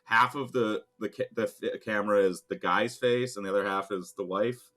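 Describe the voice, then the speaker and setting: A man's voice: lowish voice, normal speed. Laid-back man co-hosting a podcast. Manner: relaxed, rambling, swears freely and laughs often. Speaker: podcast co-host. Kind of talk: casual chat recapping a show.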